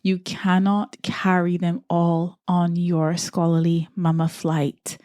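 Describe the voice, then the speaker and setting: Warm, low-voiced Caribbean-born woman hosting a podcast. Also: monotone, slow pace, no room sound, studio quality. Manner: earnest, encouraging, conversational with many "you know" asides. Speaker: podcast host. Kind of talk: podcast monologue.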